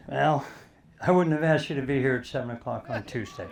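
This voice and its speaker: An older man telling a lively golf story to an audience, acting out the quoted lines. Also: medium pitch, a little fast, vocal fry, a crowd in the background. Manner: animated storyteller, acts out quotes. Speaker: speaker telling a caddie story.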